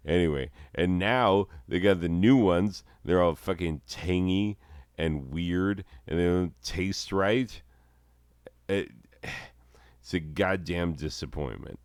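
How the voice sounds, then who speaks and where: A man hosting a comedy show, ranting and swearing constantly in a deadpan monologue. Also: sits low, slow, clear, resonant tone, no echo, clean studio sound.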